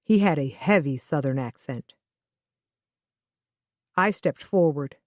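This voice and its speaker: A woman reading a first-person thriller audiobook in a steady, even manner. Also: deep voice, slow pace, pauses often, dry recording, studio quality. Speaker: audiobook narrator.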